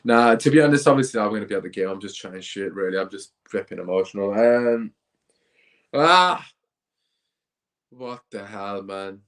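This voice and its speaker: A man's voice: on the low side, expressive, moderate pace, pauses often, a bit bright. A man hosting a live football reaction stream, talking in a dejected, rambling way with sighs. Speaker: football channel host.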